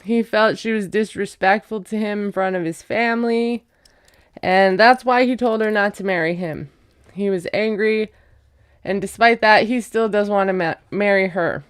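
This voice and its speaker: Chatty sarcastic woman with a smooth voice. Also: mid-range voice, moderate pace. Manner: chatty, sarcastic, laughs at own jokes. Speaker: recap vlogger. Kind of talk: casual reality-show recap.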